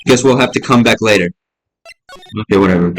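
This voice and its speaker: A man's voice: on the low side, fairly quick, soft background music. A young man casually playing and reading a detective game aloud, with lots of fillers and calling the viewer bro. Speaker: gaming YouTuber.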